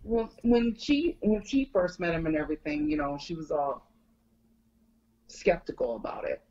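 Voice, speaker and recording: A woman's voice: deep voice, moderate pace, mellow, muffled recording. A middle-aged woman, a guest, casually telling a story and quoting a friend over and over. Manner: chatty, retells a friend's words with many "she goes". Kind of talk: casual storytelling on a video call.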